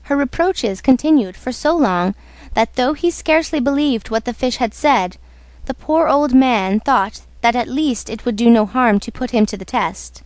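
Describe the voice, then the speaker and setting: A woman narrating a storybook on radio in a slow, measured way. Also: a little high, animated, a little mellow, no room sound. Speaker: story reader.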